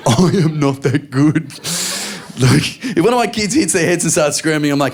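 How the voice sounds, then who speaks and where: A man doing stand-up comedy on stage, telling an animated story and acting out the voices of his family. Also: a little high, brisk. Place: live comedy venue on stage.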